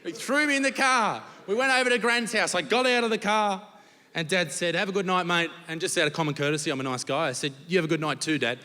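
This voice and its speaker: A young Australian man performing crude, profane stand-up comedy, telling stories and shouting the punchlines. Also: sits high, fast talker. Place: large theatre stage with audience laughter. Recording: live show with long hall reverb and background noise.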